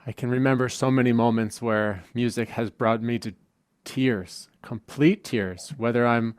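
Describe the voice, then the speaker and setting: A man's voice: medium pitch, little pitch movement, clear, resonant tone, no room sound, studio quality. A man hosting a podcast, asking reflective interview questions. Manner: slow, reflective. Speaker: podcast host.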